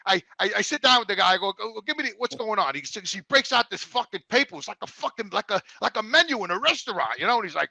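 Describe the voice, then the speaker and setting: Middle-aged New man, high and bright-voiced, foul-mouthed comic storyteller. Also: animated, fast, gravelly, few pauses, no room sound. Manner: swears constantly, rising to indignant outbursts. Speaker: show regular, storyteller. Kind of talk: profane comedic storytelling.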